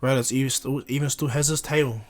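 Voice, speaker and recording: Speaking briskly, this man retells a fan-made what-if story like a hobbyist, wandering along with plenty of fillers and restarts. His pitch sits in the male middle range and his melody stays mostly flat.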